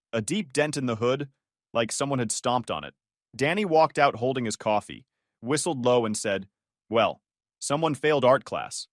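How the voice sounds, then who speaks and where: A man's voice: mid-range voice, fairly bright tone, dry recording, clean studio sound. A man narrating a first-person story in a scripted, dramatic way.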